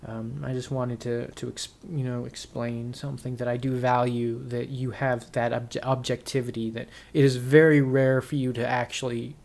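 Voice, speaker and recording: Earnest young man, halting personal talk. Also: mid-range voice, level tone, gravelly, darkish tone. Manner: earnest, halting, many restarts. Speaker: vlogger. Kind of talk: reflective personal talk to camera.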